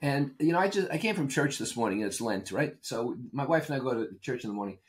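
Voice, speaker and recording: Animated older man telling stories. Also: medium pitch, fast talker. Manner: animated storyteller, emphatic and opinionated. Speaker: guest consultant and author. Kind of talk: conversational interview answers.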